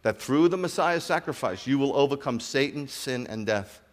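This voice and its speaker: A man preaching a sermon as a rabbi, animated, acting out dialogue and asking his congregation questions. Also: mid-range voice, moderate pace, big-room sound. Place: congregation hall.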